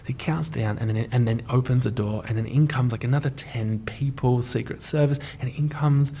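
A young man, a podcast guest telling a story in an animated way, often stumbling and restarting. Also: mid-range voice, moderate pace, slight background noise. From Australia.

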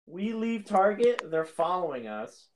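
A man's voice: high voice, sing-song, unhurried, over a noisy crowd. A man co-hosting a casual podcast, telling stories and laughing often. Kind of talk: casual chat.

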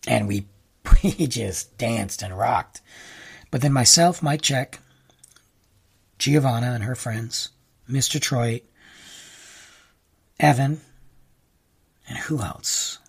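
A man hosting his own show, telling a rambling personal story in a casual, animated way that jumps high for excited reactions. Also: takes it slowly, gravelly, pauses often, breathy edge. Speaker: podcast host.

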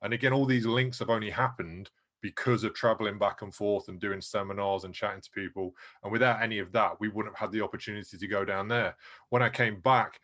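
Low-voiced relaxed man chatting. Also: brisk. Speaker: martial arts instructor. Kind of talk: casual podcast chat.

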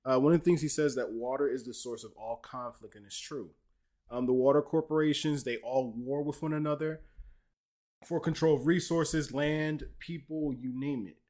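A podcast host with a mellow, mid-range voice casually explains a video game's story and jokes with his co-host. His intonation stays fairly even and his pace moderate.

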